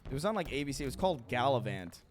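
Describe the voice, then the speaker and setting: A man's voice: mid-range voice, big pitch swings, very fast, faint music behind. A man hosting a casual gaming stream, rambling, swearing a lot and laughing often. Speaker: streamer host.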